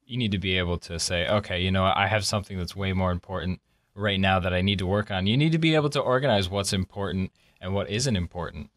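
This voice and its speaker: A young man hosting a casual college podcast, relaxed and rambling with lots of fillers. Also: low-pitched, quick pace, no echo, studio quality. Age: young adult. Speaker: podcast host. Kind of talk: casual chat. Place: college campus.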